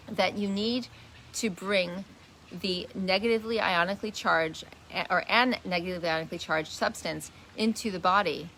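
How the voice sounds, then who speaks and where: Earnest woman teaching with gravelly bright voice. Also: fairly low pitch, slight background noise. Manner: earnest, with frequent restarts and repeated words. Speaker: wellness teacher. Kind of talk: casual live teaching talk. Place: indoors, shifting light.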